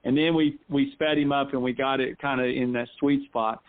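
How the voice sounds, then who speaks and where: A man's voice: mid-range voice, steady tone, normal speed. A man from North Carolina, a golf instructor guest chatting casually in an interview and rambling with frequent restarts. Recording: tinny phone line.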